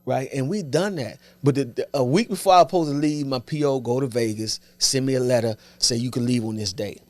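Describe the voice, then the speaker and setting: A man from Washington, DC, a podcast guest telling his story in relaxed slang and acting out what others said. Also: medium pitch, fairly quick, dry recording. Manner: animated storyteller who acts out other people's words. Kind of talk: casual storytelling interview.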